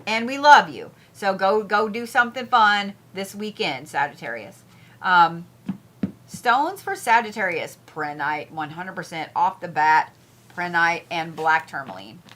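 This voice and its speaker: A woman's voice: fairly low pitch, fairly bright tone, a little hiss or hum. A woman hosting casual zodiac and crystal reads, blunt and profane, repeating herself as she talks. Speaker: spiritual reader, host.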